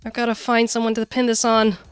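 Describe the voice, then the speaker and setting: A woman's voice: on the high side, completely flat delivery, a little fast, smooth, faint music behind, voice pushed up, lightly acted. A woman voicing a panicked male killer from a game, crying out frantically and scheming to frame someone. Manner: frantic, desperate exclamations.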